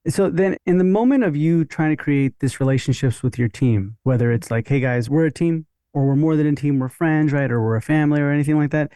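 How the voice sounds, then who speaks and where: A man hosting a podcast, asking questions in a relaxed, conversational way. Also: on the high side, fairly quick, hardly any pauses, smooth, dry recording, clean studio sound. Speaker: podcast host. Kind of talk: podcast interview.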